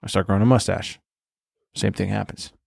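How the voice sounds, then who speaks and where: A man rattles off absurd what-if scenarios at a quick clip for a casual comedy podcast, tacking "right?" onto line after line. His voice sits close and dry on the mic, with no room sound around it. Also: lowish voice, level tone, gravelly, a little mellow, breathy edge, no room sound. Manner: spins absurd hypotheticals, lots of "right?". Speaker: podcast co-host.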